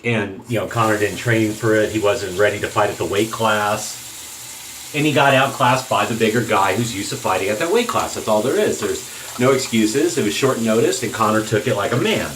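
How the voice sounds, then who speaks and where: A man with a fairly low voice gives his blunt opinions in a loose, rambling monologue. He restarts his sentences often and keeps a casual tone, with faint background noise behind him. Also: moderate pace, a bit bright, poor audio. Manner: opinionated, rambling, self-interrupting. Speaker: shaving channel host.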